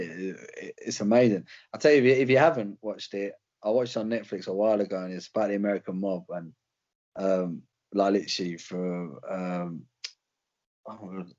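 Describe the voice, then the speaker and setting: A man's voice: lowish voice, fairly even intonation, normal speed, darkish tone, dull audio. A young British man, a fighter, chatting casually in an interview, rambling with slang and fillers. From Britain. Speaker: UFC fighter guest.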